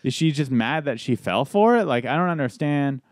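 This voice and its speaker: A man's voice: medium pitch, expressive, moderate pace, no room sound, clean studio sound. A man, a comedian, telling stories in a casual podcast chat, rambling with restarts and laughs. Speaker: guest comedian.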